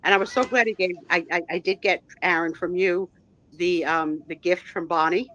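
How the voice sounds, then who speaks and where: A woman's voice: lowish voice, fairly even intonation, moderate pace, fairly bright tone. Chatty rambling woman on dull call audio. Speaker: guest on a live stream. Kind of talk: casual chat.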